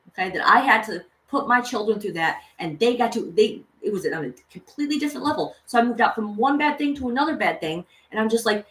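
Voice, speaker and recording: A woman's voice: on the high side, expressive, fast, few pauses, fairly bright tone. A woman reading tarot cards for her viewers in a casual livestream. She talks to them directly and earnestly, and swears freely when she gets worked up. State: mother of six children. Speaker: tarot reader and vlogger.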